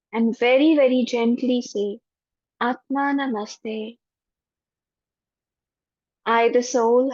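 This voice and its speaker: A spiritual teacher with an Indian English accent leads a guided forgiveness meditation. Her voice sits a little high, soft and soothing, and she repeats phrases slowly. The audio is dull and dry, close and lo-fi. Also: no room sound.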